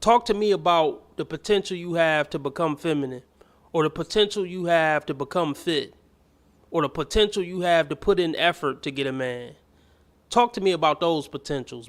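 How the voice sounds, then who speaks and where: A man hosting a commentary stream, reacting bluntly and scornfully to clips, with some profanity. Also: a little high. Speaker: host.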